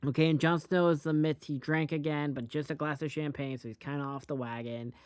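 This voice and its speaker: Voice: mid-range voice, fairly even intonation, fairly quick, smooth, no echo, studio quality. A host giving a casual, rambling and profane recap of a TV episode, speaking bluntly.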